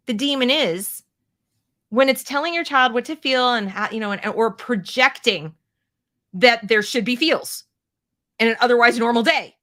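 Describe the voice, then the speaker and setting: A middle-aged American woman hosting an opinionated commentary show, talking in an animated, sarcastic way and reading out viewer comments. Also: fairly high pitch, moderate pace. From United States. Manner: animated, sarcastic, mimics people in mocking voices. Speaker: show host.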